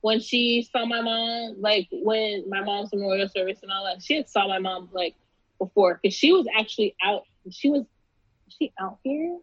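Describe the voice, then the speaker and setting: A woman's voice: medium pitch, moderate pace, no room sound, muffled recording. A woman guest in a casual interview, telling a personal story in a loose, candid way with many fillers and restarts.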